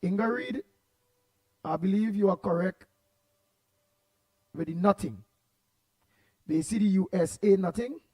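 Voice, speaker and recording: A man's voice: high-pitched, big pitch swings, measured pace, long pauses, low-quality recording. A man with a Trinidadian accent hosting a morning call-in show, passionately greeting listeners by name and reading out comments in a raised voice he tries to hold down. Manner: passionate, loud, says he will drop his voice. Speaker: radio show host.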